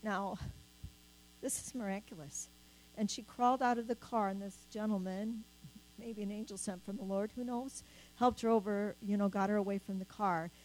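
Speaking at moderate speed in a mid-range, darkish voice with fairly even intonation, an older woman shares her testimony in church. She tells it earnestly and performs the voices she quotes. The rough recording carries a bit of hiss or hum.

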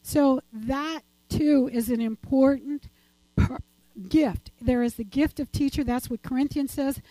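Warm, chatty older woman giving testimony. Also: high-pitched, fairly even intonation, a little slow, no room sound, poor audio. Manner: chatty and rambling, laughing often. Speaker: church speaker giving testimony. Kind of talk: informal church talk and testimony.

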